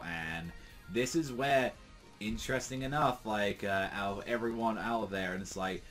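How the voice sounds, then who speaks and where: A man's voice: mid-range voice, animated, a little slow, faint music behind. A man casually recapping a manga chapter, rambling with many fillers and some crude asides. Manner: rambling, heavy use of fillers, profane asides. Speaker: manga reviewer.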